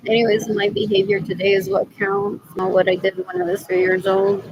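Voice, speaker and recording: Gravelly-voiced scornful woman rambling. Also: mid-range voice, steady tone, a little fast, hardly any pauses, highs cut off, slight background noise. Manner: repetitive, keeps asking "what else?"; disgusted, scornful. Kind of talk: rambling spoken monologue.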